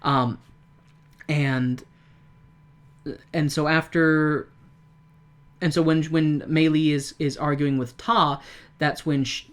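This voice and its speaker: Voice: medium pitch, slow, pauses often. A podcast co-host in casual chat, recapping a stage musical in a loose, rambling way and acting out the characters' lines along the way. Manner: animated retelling that acts out characters' lines; loose, rambling delivery with many likes and restarts.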